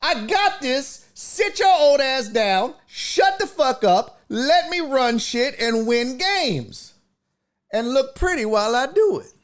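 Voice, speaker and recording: A brash, swaggering alpha football star who talks down to his boss, pitched well above the host's own voice, as a man puts him on. He is bossy and profane, and he sounds sure he'll run everything and win. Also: sing-song, takes it slowly, heavily acted.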